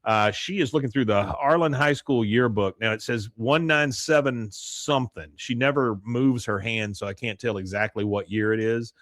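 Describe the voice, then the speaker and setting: A man's voice: mid-range voice, normal speed, few pauses, fairly bright tone, no room sound, clean studio sound. A man co-hosting a podcast, casually recapping a cartoon episode in a rambling way, often laughing and acting out the characters' lines. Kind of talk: casual chat.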